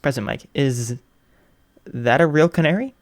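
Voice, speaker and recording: A man voicing a loud, brash male radio host who exclaims and jokes wryly. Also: medium pitch, unhurried, no room sound, natural voice.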